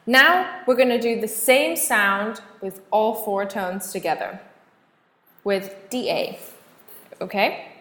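A woman teaching a beginners' language lesson, hosting the show and drilling sounds with clear, exaggerated tones and pauses for repeating. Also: mid-range voice, fairly bright tone, reverberant. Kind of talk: slow drilled pronunciation lesson.

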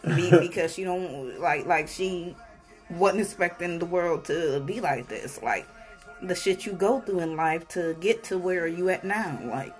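A co-host speaking in a relaxed, casual chat and telling stories in an easygoing way. The voice is of middling pitch. Soft music plays faintly behind. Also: unhurried. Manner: laid-back, relaxed storytelling.

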